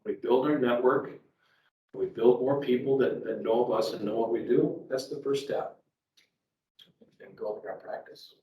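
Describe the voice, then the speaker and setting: A man's voice: medium pitch, moderate pace, dull audio. Middle-aged man giving a seminar. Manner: conversational, repeats words, tells personal stories. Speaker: sales trainer and speaker. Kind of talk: live seminar talk. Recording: echoey room, distant mic, faint background ambience.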